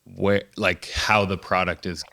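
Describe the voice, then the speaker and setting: A man's voice: low voice, flat delivery, measured pace, gravelly, sharp tone. A man co-hosting an interview, chatting casually and affirming the guest. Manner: affirming, short reactions. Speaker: podcast co-host.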